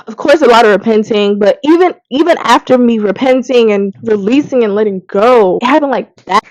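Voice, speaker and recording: A woman talking candidly in a casual confessional vlog, emphatic and swinging between loud and hushed. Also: fairly high pitch, moderate pace, no echo, poor audio. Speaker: faith vlogger.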